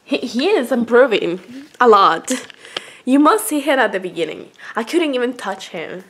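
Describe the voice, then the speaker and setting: A woman's voice: a little high, very animated, moderate pace, a bit bright, slight background noise. A woman vlogging casually as a vet tech, chatty, laughing often and talking to her cat. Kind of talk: casual vlog chat.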